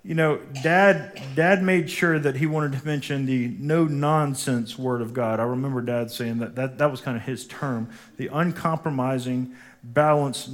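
A man, a pastor preaching a sermon in a church and calling on the congregation to repeat after him. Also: medium pitch. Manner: emphatic preaching, calls for congregation responses. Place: church sanctuary.

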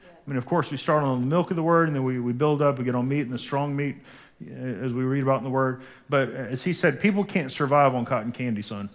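An emphatic pastor preaching to his congregation in a church. His voice sits at a middling pitch, and he calls out for the people to repeat lines after him. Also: fast talker. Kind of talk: sermon. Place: church sanctuary.

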